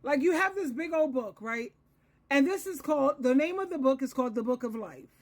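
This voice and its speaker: An advice coach and Christian counselor in her sixties talks on her own, lecturing earnestly and repeating phrases for emphasis. Her high voice is expressive and a little fast.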